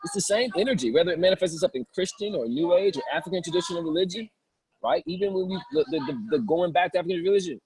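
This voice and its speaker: A man's voice: high voice, lively intonation, very fast, darkish tone, slight background noise, rough recording. A man giving an impassioned spiritual seminar talk in a casual, colloquial preaching manner, often acting out the voices he quotes.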